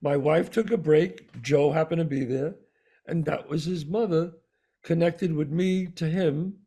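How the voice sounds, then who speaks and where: Man, new york accent, gravelly voice, fairly high pitch, animated storyteller acting out dialogue. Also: measured pace. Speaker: podcast co-host. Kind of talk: storytelling in casual conversation.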